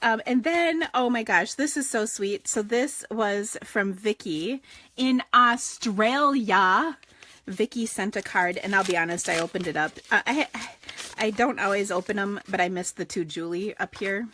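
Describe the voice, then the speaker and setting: A woman's voice: mid-range voice, unhurried, sharp tone, a little hiss or hum. A woman hosting a casual live craft stream, chatty and gushing with lots of fillers. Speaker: craft show host.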